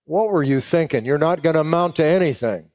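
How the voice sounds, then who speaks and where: A man voicing his dying elderly father, low and quiet, with stern and tender words. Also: lively intonation, a little fast, no echo, clean studio sound.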